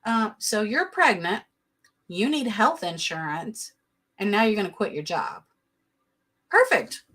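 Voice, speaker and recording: A woman's voice: mid-range voice, expressive, fairly bright tone, slightly rough. Sassy woman recapping reality TV. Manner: sassy, blunt, quick to laugh. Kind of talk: casual live-stream commentary.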